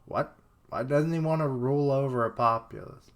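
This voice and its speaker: Excitable young man reacting live. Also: mid-range voice, normal speed. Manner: excitable, swears casually, laughs often, loses track of names. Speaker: streamer reacting to a manga chapter. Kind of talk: live reaction while reading aloud.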